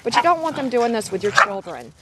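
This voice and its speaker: A woman's voice: on the high side, sing-song, a little fast, heavy background noise. Chatty woman showing off her puppies. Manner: chatty, rambling, affectionate toward the puppies. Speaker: dog breeder. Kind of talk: casual home video narration. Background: puppies squealing and playing.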